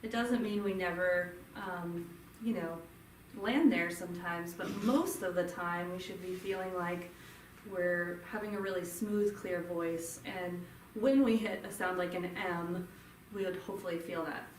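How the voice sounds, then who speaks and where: Speaking unhurriedly in a fairly low, fairly even voice, a woman speech therapist guides a group voice workshop, demonstrating hums and giving a friendly explanation of the vocal cords. Slight background noise is present. The live session, held in a room with a group, is recorded from afar, roomy with faint ambience.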